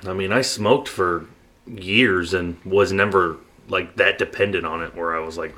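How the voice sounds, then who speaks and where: A man's voice: deep voice, fairly even intonation, measured pace, pushed and bright. A man chatting casually with friends, laid-back and swearing freely. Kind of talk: casual profane chat among friends.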